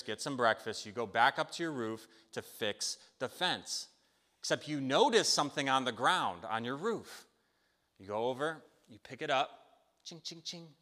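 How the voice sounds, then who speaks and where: A man with a medium-pitched voice preaches a sermon in an animated, conversational style, telling a story and checking in with his listeners. A long hall reverb colors the recording.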